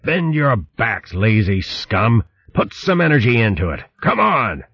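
A man's voice: low voice, expressive, slow, no room sound, full character voice. A man voicing a fat, sadistic male slave master who barks threats at the rowers in a storybook reading. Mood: bullying. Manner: barking threats, whip-cracking bully. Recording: dull dry audiobook recording.

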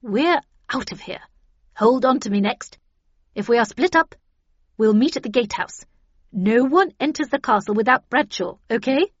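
A woman reading an audiobook, voicing a seasoned woman field agent who speaks briskly, urgently and with authority. The recording is dry and slightly dull. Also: fairly high pitch, expressive, breathy edge, no room sound, pitched above the performer's own voice.

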